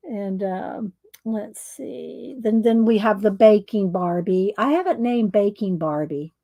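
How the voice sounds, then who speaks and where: Woman host, unhurried rambling crafter, dry close sound. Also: mid-range voice, dark tone, no room sound. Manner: rambling, chuckling, searching for words. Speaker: crafter showing her doll scenes. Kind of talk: casual chat.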